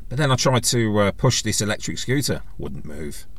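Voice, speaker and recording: A man's voice: lowish voice, very animated, normal speed. A man hosting a podcast, telling rambling, wry, self-mocking stories into a webcam mic plugged into a phone. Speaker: podcast host. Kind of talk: casual anecdotal monologue. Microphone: USB webcam microphone plugged into a phone.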